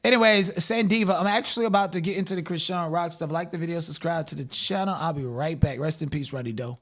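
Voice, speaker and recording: Man with a high, gravelly voice hosting commentary. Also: fast, fairly bright tone. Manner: profane, mocking, talks straight to the audience. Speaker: commentary channel host. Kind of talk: casual commentary.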